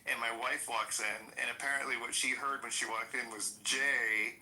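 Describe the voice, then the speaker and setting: A middle-aged man, a married podcast host, chatting casually and telling an animated story with laughs and swearing. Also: mid-range voice, moderate pace, a little hiss or hum, low-quality recording. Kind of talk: casual chat.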